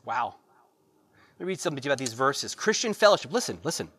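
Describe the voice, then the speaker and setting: A pastor preaching a sermon, reading verses and pressing the congregation with rhetorical questions and repeated phrases. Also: male voice, medium pitch, sing-song, fast talker, fairly bright tone, a little hiss or hum.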